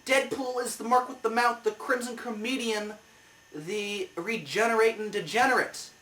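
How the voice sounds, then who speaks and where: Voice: mid-range voice, normal speed, a bit bright. A comic review show host giving a heated, exasperated movie review rant. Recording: roomy, mic at a distance.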